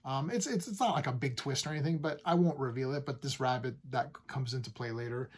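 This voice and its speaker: A man's voice: mid-range voice, quick pace, slightly rough. A man in an off-the-cuff comic book review, talking in a mid-range voice. He rambles enthusiastically, stumbling over restarts and fillers as he loosely retells the characters' lines. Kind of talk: casual comic review chat.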